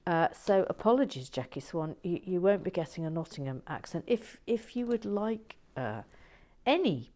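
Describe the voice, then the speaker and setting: A woman hosting her channel in relaxed, playful chat, often dropping into whispered asides and stammering restarts. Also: lowish voice, normal speed. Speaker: channel host building and reviewing brick sets. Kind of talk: relaxed casual chat to viewers.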